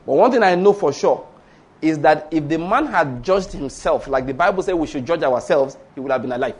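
Man, preacher, storytelling sermon, high voice, animated hushed-to-loud swings. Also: fairly quick, husky.

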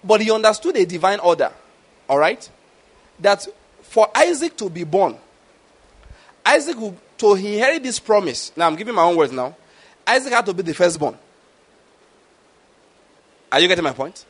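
High-voiced man preaching. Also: normal speed, pauses often, slightly rough. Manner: animated, keeps asking "do you get my point?". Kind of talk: sermon.

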